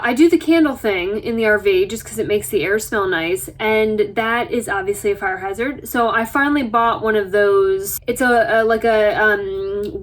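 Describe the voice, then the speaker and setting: A woman vlogger from the United States talking in a chatty, self-deprecating way, telling stories with lively asides. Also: on the high side. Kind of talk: casual chat. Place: RV interior.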